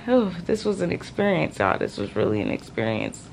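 A woman's voice: sits low, sing-song, creaky, a little mellow. A young woman talks straight to her viewers from a hospital room, worn out, her words drawn out and loose with slang. A faint hum of noise sits behind her voice. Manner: tired, drawn-out casual slang. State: exhausted. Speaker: vlogger. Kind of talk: casual talk to camera.

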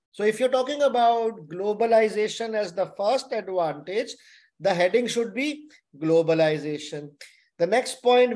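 Male tutor, webinar lecture, slow and deliberate, repeats points. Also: high voice, darkish tone. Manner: repeats key points, checks in with "okay?". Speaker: exam tutor. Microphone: webinar microphone.

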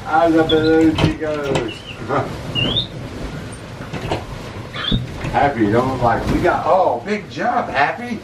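A man chats playfully to his pet monkeys and laughs often. His voice is slightly high and slow. The recording is echoey and noisy, and he is far from the mic. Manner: playful, chatty, laughs often, talks to the animals. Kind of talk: casual vlog narration. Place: indoor room filled with balloons. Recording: echoey room, distant mic, background noise.

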